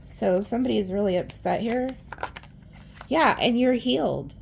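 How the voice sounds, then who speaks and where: A woman's voice: a little high, expressive, measured pace, vocal fry, darkish tone, a little hiss or hum. A woman doing a casual tarot reading, chatty and blunt, swearing freely and rambling with frequent restarts. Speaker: tarot reader.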